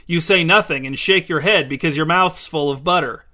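A man voicing a stern, sharp-tongued wife who scolds her husband severely. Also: on the high side, normal speed. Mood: scolding.

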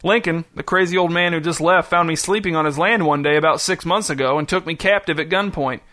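A proud, lazy drifter with a dusty beard drawls his complaints without much concern, as a male audiobook narrator puts him on. His tone stays wry and unbothered. The voice is slightly high and bright. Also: a little fast. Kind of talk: audiobook character voice.

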